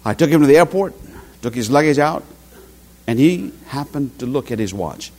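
A man's voice: mid-range voice, normal speed. A middle-aged man preaching a sermon, telling stories and acting out quotes. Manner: animated storytelling with acted quotes.

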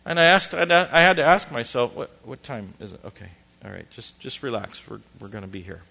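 Male pastor, middle-aged, bright forceful voice, emphatic sermon delivery. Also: mid-range voice, sing-song, fairly quick, vocal fry. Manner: emphatic preaching with rising intensity.

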